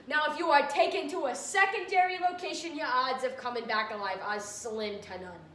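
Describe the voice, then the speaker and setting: A woman doing a gruff cop lecturing kids in an echoey room. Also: high voice, moderate pace, a bit bright, slight background noise. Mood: grim warning. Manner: stern, lecturing. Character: gruff middle-aged male street-safety cop lecturer. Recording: echoey room, mic far off.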